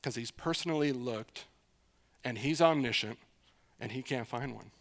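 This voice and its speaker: A man's voice: mid-range voice, moderate pace, creaky, fairly bright tone. A middle-aged man preaching an expository sermon in a conversational way, repeating phrases for emphasis and asking his listeners questions.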